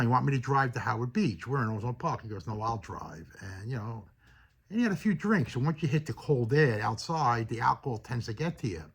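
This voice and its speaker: Husky new guy rambling thru an old story, lots of "you know"s. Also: medium pitch, fairly bright tone. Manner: rambling, full of "you know" fillers and quoted dialogue. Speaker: storyteller recounting personal memories. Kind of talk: casual storytelling.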